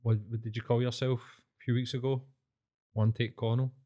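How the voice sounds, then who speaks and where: A man's voice: medium pitch, little pitch movement, normal speed, warm tone. A man with a Scottish accent co-hosting a podcast, easygoing and chuckling, swearing casually. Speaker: podcast co-host. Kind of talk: casual chat.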